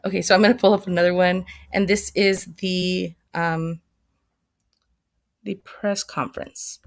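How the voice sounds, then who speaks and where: A woman's voice: fairly low pitch, steady tone, measured pace. A woman hosting a livestream, chatting loosely and reading viewer comments as she rambles. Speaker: livestream host. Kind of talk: casual live commentary reading chat.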